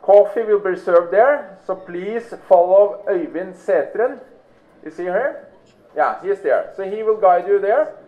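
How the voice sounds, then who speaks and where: A man's voice: high-pitched, lively intonation, slow pace. A man giving practical schedule announcements to a conference audience in a hotel ballroom, matter-of-fact with many fillers. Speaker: event organizer making announcements. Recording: tinny phone-like recording.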